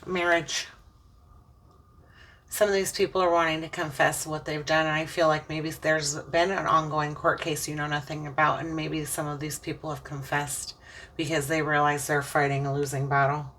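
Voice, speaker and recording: A woman with a low yet bright, forceful voice gives an earnest, preachy tarot reading. She sounds a little far from the mic. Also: little pitch movement, normal speed, slight background noise. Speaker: tarot reader. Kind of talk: emotional spiritual tarot reading.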